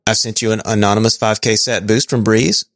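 A man's voice: lowish voice, level tone, brisk, dry recording, clean studio sound. A man co-hosting a podcast, reading out listener messages in a casual, stumbling way with small chuckles. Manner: stumbling, chuckling, thinking aloud. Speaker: podcast co-host.

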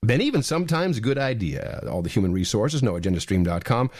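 Animated man co-hosting a podcast. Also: mid-range voice, fast, no room sound, clean studio sound. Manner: animated, emphatic, repeats words when excited. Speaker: podcast co-host. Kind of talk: casual chat.

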